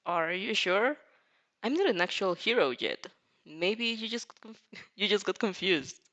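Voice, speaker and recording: Teasing, easygoing young male hero with a lazy drawl, read by a woman; mid-pitched, audio fanfic. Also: expressive, unhurried, a bit bright, muffled recording. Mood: amused.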